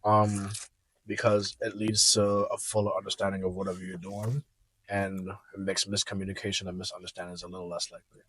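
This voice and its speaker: Husky-voiced young man talking candidly. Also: low-pitched, little pitch movement, a little fast, fairly bright tone. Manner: candid, reflective, many fillers. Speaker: podcast guest. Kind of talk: casual conversation.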